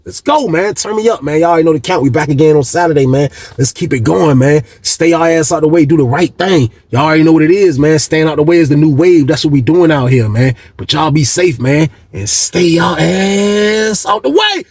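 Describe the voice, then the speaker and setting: Male vlogger, husky, storytelling, a bit high-pitched. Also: quick pace, hardly any pauses. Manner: animated, swings between loud and hushed. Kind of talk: casual storytelling.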